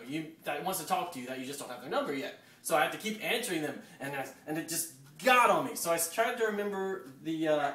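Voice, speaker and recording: Animated man telling a story, roomy. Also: on the high side, far from the mic. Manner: animated, acts out quotes. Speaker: storyteller on a talk show. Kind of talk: casual anecdote telling.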